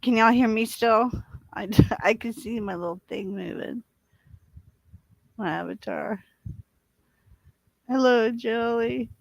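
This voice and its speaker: A woman's voice: on the high side, slow pace, creaky, long pauses, no room sound, low-quality recording. A woman chatting casually as a guest on a livestream, playful and teasing and laughing often.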